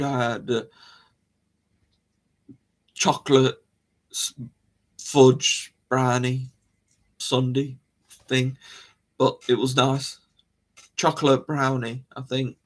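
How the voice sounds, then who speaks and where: A man hosting a live chat stream, rambling casually, laughing often and restarting his sentences. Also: mid-range voice. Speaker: livestream host.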